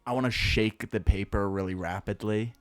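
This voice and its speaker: A man's voice: on the low side, fairly even intonation, moderate pace, faint music behind. A man speaking in character as a tabletop game player, goofy and bluffing, often stumbling over his words.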